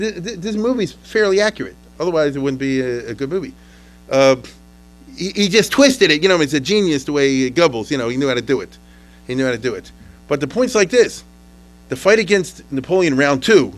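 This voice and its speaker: A man giving a casual history lecture to a class, full of restarts, who acts out the people he quotes with sudden jumps in pitch.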